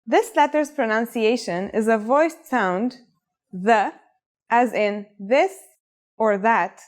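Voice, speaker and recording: A woman's voice: a little high, animated, slow pace. A woman narrating a scripted language lesson in an upbeat, encouraging way. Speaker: language teacher.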